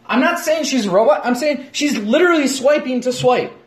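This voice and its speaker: A man's voice: extremely high pitch, expressive, fairly quick. A man co-hosting a casual chat, insistent and argumentative, pressing the same point over and over. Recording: echoey room.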